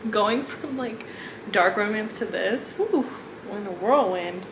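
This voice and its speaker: Gushing young woman book vlogger. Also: medium pitch. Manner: gushing, emotional, quick to laugh. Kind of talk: casual reading vlog chat. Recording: echoey room with background noise.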